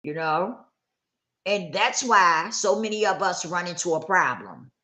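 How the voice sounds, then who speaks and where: Woman host, fairly low voice, earnest motivational livestream talk, repeats key lines, checks in with listeners. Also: big pitch swings, a little slow, bright, forceful tone. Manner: earnest, repeats her points for emphasis. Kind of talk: motivational talk to a live audience.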